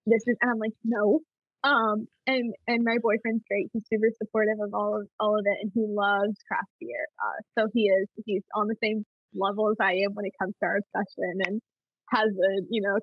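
Giggly, husky young woman telling stories. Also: a little high, no echo. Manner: giggly, animated storytelling. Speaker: podcast guest. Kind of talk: casual chat. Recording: dull lo-fi sound.

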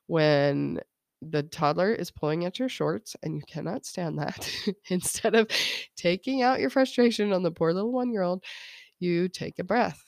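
A woman's voice: on the low side, moderate pace, vocal fry, darkish tone, dry recording, studio quality. A woman in her thirties hosting a casual solo podcast about parenting, chatty, laughing often and quoting her kids. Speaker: podcast host.

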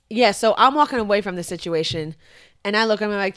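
Profane, animated young woman telling a story. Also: fairly high pitch, normal speed. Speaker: podcast co-host. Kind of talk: casual chat, telling a story.

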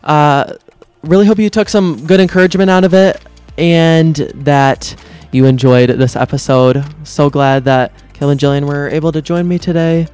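Young male podcast host, cheerful and chatty, slightly raised pitch, dry sound. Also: fairly even intonation, normal speed, darkish tone, clean tone, no room sound, faint music behind. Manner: upbeat, laughing sign-off. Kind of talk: casual podcast chat.

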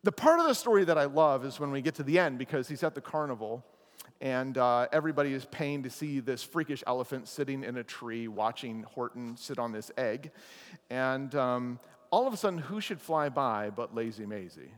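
A man preaching a sermon at a leadership chapel, animated and playful, telling a story with jokes and asides. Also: mid-range voice, normal speed. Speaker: pastor. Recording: long chapel reverb.

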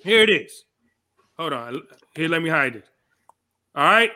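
A man hosting a podcast, giving heated, profane political commentary and shouting angrily. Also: on the high side, very animated, unhurried. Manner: angry, shouting, profane ranting. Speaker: podcast host.

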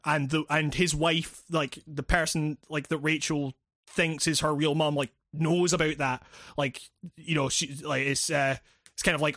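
A man talks through a game's story in loose, rambling chat, peppered with swearing and restarts. His voice sits high for a man. The recording is close and dry, with no room sound. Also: little pitch movement, unhurried, sharp tone, dry recording. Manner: rambling, profane, with many fillers and restarts. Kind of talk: casual chat recapping a video game.

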